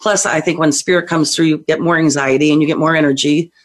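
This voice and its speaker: A woman with a deep voice speaks fast in a steady tone as a guest on a talk show. She's a psychic medium telling her story in a casual interview, hyper, rowdy and chatty.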